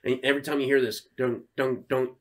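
A man in his thirties, a podcast co-host, telling an animated, swear-filled story in casual chat and acting out the quotes. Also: mid-range voice, a little fast.

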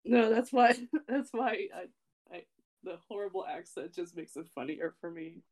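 A woman's voice: lowish voice, lively intonation, normal speed, darkish tone. A woman co-hosting a casual podcast, enthusiastic and gushing. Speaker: podcast co-host. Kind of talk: casual chat.

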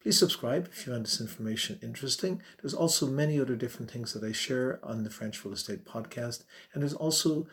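Male podcast host, mid-pitched, friendly and unhurried explainer. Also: fairly bright tone.

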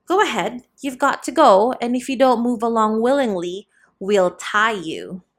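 A woman's voice: fairly high pitch, a little slow. A woman voicing a harsh male soldier who gives orders and threats, in an audiobook reading. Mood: commanding. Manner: commanding, threatening.

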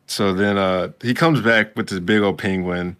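A man's voice: lowish voice, steady tone, normal speed, a bit bright. A man in casual chat as a podcast co-host, recapping an episode in a laid-back way and acting out characters' lines.

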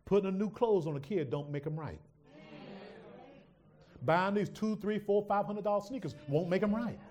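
A male pastor preaching a sermon, swinging from hushed asides to loud shouts and teasing his congregation. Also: high-pitched, moderate pace, slight background noise.

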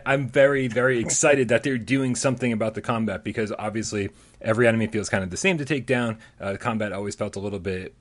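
A man co-hosting a casual gaming news show, joking, laughing often and talking loosely with many fillers. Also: on the low side. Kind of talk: casual chat.

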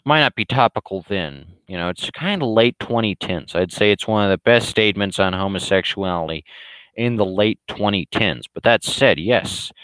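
A man rambling through a casual livestream Q&A in a dry, sarcastic tone. His voice sits low and sounds smooth and clear. It is recorded close and dry, with no room around it. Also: lively intonation, moderate pace, fairly bright tone, dry recording, rough recording. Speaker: webcomic creator hosting a Q&A stream.

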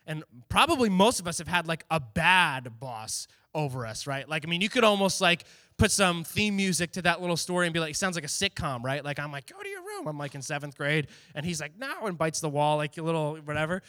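A man giving a casual storytelling sermon as a youth pastor, animated and acting out the people he quotes. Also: a little high, a little fast, no room sound, studio quality.

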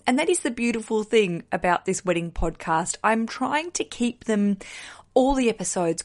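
Chatty Australian woman podcast host. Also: medium pitch. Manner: chatty, jokey, candid asides. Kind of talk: casual comedic podcast monologue.

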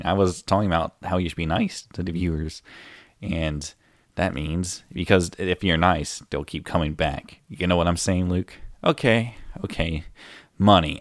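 A man's voice: sits low, no echo, clean studio sound. A young man co-hosting a comedy podcast, rambling through joking mock bickering full of fillers. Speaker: podcast co-host. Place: indoor room, hosts facing each other.

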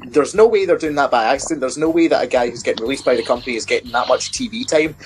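A man's voice: mid-range voice, racing, soft background music, rough recording. A man co-hosting a podcast, giving wry, opinionated takes in casual chat. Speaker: podcast co-host.

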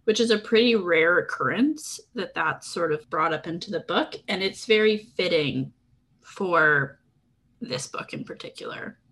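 A woman co-hosting a podcast in a relaxed book chat. Her voice is bright and forceful, with a husky, breathy grain. She talks in a thoughtful, analytical way. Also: fairly low pitch, a little slow. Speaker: podcast co-host. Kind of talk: casual book discussion.

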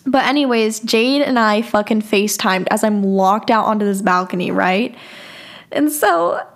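A woman's voice: mid-range voice, expressive, moderate pace. A young woman hosting a podcast, telling a story in a candid, casual way, laughing often and swearing freely. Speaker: podcast host.

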